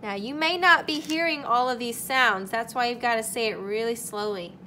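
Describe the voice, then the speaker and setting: A woman's voice: on the high side, bright, forceful tone, slight background noise. A young woman teaching a recorded kindergarten lesson, carefully sounding out words for young children. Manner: slow, deliberate sounding-out of words.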